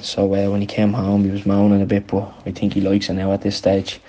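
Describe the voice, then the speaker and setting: A man's voice: deep voice, completely flat delivery, fast talker, hardly any pauses, a little mellow, slight background noise. A young man telling stories casually, rambling with lots of ums. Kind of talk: casual storytelling chat.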